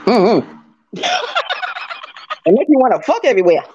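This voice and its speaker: A woman guest recounts her stories bluntly and candidly, in a high voice that swings widely in pitch. The clip sounds dull and lo-fi. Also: huge pitch swings, unhurried, background noise. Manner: blunt, candid, laughs at herself. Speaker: interview guest. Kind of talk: candid storytelling.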